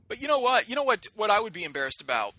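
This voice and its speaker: A man's voice: high voice, big pitch swings, rapid-fire, pushed and bright, dry recording. A man co-hosting a podcast in casual chat, mock-boastful and theatrical as he jokes with his friends. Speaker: podcast co-host.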